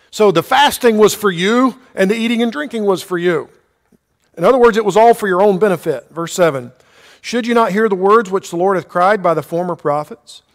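A man's voice: fairly high pitch, long reverb tail. A man teaching a Bible lesson verse by verse, asking his listeners questions and checking in with "okay" often.

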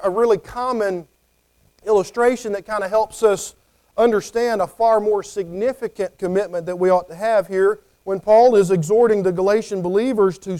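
A man's voice: sits high, a little mellow. A man preaching a conversational sermon, often acting out what people might say. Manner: conversational, acts out quoted voices.

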